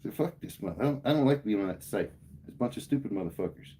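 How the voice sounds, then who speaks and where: A man's voice: on the low side, lively intonation, fast talker, mellow, slight background noise. A man livestreaming, telling a heated, profane story to his chat in casual speech. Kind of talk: casual rant to live chat.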